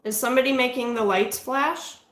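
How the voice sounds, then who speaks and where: A woman's voice: high voice, a little fast, a bit bright, roomy sound, poor audio. A woman chatting casually during a ghost-hunting session at a house. She keeps trailing off and restarting, and she stops to ask the spirits questions. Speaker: paranormal investigator. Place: room inside a house.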